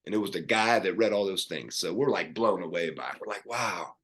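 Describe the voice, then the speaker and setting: A man's voice: low voice, fast. Earnest man telling his life story. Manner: earnest, animated storytelling with many restarts. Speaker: podcast guest. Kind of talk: personal storytelling.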